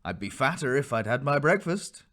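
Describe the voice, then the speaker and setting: A man's voice: medium pitch, measured pace, fairly bright tone, pitched above the performer's own voice, lightly acted. A man voicing a bold, cheerful young peasant boy in a storybook reading, polite and eager.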